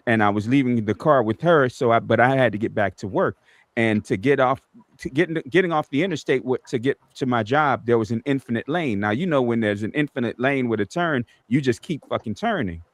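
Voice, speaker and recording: A man's voice: medium pitch, a little fast, no room sound. A man telling a road rage story in a casual stream chat. He swears constantly and acts out the people in his stories.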